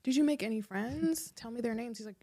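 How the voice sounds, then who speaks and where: Animated woman telling a story. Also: fairly high pitch, brisk. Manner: animated storytelling, acting out quoted voices. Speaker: podcast co-host. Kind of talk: casual chat.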